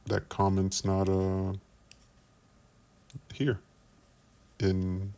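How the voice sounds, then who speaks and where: A man giving investigative commentary, explaining screenshots step by step and often repeating words as he builds a point. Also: fairly low pitch. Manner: measured, explains by walking through screenshots. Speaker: commentary youtuber.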